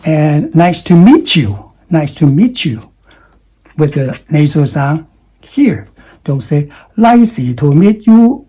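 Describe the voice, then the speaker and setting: Man, slow-paced, husky voice, dull lo-fi recording, pronunciation lesson. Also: on the high side, dark tone. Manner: explanatory, repeats and demonstrates phrases, many fillers. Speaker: English teacher. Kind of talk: online English pronunciation lesson.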